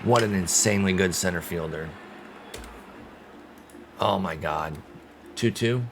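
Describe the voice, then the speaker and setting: A man streaming a baseball management game, calling the plays casually and swinging from calm calls to loud groans and outbursts. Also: sits low, unhurried, vocal fry, a little hiss or hum. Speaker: gaming streamer. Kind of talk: casual play-by-play of a baseball sim.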